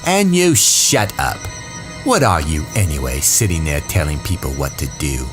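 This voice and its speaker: A man reading an audiobook and voicing an aggressive, domineering boy leader who shouts with contempt. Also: rumbling low, big pitch swings, moderate pace, music in the background. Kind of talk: audiobook character voice.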